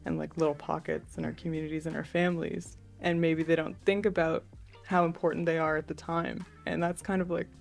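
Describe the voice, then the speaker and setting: Young woman with a flat, gravelly voice. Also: low voice, brisk, soft background music. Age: young adult. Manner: chatty, relaxed storytelling with many "like"s. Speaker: artist and guest. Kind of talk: casual interview storytelling.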